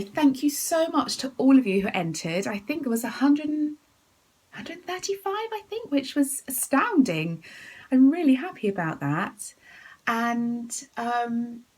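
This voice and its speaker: A woman hosting her knitting podcast from home, chatting and giggling, often dropping into a soft whisper. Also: mid-range voice, low-quality recording. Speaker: podcast host. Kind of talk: casual chat about knitting.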